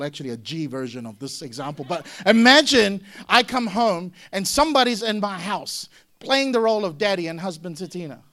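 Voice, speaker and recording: A middle-aged man from Samoa preaching a sermon in an animated way, acting out voices in sudden loud bursts. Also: high-pitched. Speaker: pastor.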